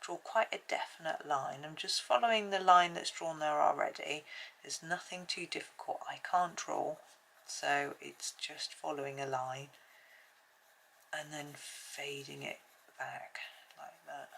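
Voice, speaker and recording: Low gravelly woman, chatty. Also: steady tone, a little slow, a bit bright, slight background noise. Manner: chatty, thinking aloud while working. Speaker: colouring channel host. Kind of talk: casual colouring tutorial narration. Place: at home.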